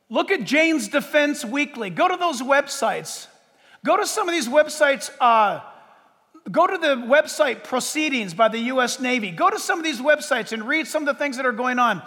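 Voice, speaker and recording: A man preaching a sermon as pastor, emphatic, with dramatic pauses and sudden bursts of force. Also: very high voice, sharp tone, big-room sound.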